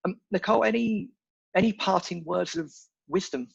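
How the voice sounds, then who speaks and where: Podcast host guy, fry in his voice, kinda halting, dull dry audio. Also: sits high, no room sound. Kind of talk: casual interview.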